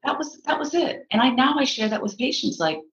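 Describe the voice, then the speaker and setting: A middle-aged woman psychotherapist talking as a podcast guest in casual chat, animated and laughing often. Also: high-pitched, fairly quick, highs cut off. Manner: animated, laughs often, acts out inner voices.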